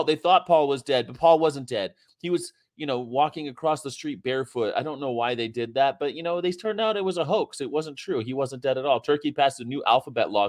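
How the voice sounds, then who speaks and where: A man hosting a casual livestream, chatting and reading out history items in a rambling, profane way. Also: mid-range voice. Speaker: host.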